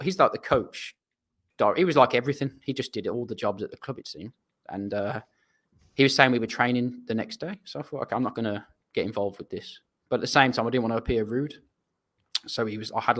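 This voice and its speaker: Young English footballer guest, casual storyteller, ordinary mid pitch. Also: male voice, fairly bright tone. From England. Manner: rambling anecdotal, self-deprecating.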